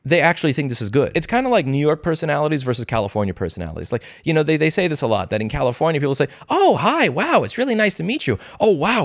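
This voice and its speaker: A man ranting emphatically in a commentary vlog, exasperated and animated. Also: on the high side. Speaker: repair shop owner and advocate.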